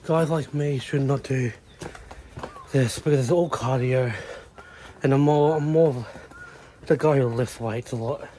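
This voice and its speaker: A man's voice: mid-range voice, unhurried, dark tone, slight background noise. A man in his twenties filming a casual vlog outdoors on a handheld phone, out of breath and sweating as he climbs, rambling and swearing often. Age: 20s. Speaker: vlogger. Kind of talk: casual vlog chat to camera. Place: outdoors, climbing long shrine stairways.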